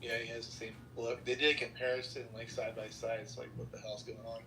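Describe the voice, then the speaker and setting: A man's voice: mid-range voice, little pitch movement, fast, echoey room. A man co-hosting a podcast, chatting casually and agreeably. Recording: clear background noise.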